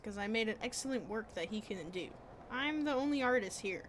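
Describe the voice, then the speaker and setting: A woman's voice: mid-range voice, very animated, normal speed, fairly bright tone, faint music behind. A young woman casually commenting on a game as she plays, playful and chatty with sing-song bits. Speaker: gaming streamer.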